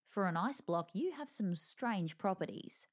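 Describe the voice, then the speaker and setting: A woman's voice: medium pitch, lively intonation, a little slow. Woman doing a dry, dogged male wizard. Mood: musing.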